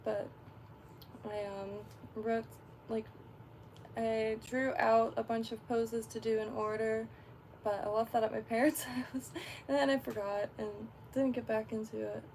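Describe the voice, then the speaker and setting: A woman's voice: on the high side, little pitch movement, measured pace, vocal fry, darkish tone, a little hiss or hum. A woman from Florida chatting on a livestream, rambling with lots of fillers and frequent laughs. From Florida, USA. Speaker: fishing livestreamer. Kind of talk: casual livestream chat.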